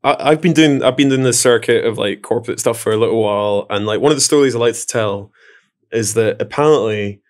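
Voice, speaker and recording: A man's voice: mid-range voice, a little fast. A young man hosting a podcast who chats casually and jokingly and teases his guests for stories. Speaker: podcast host. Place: podcast studio.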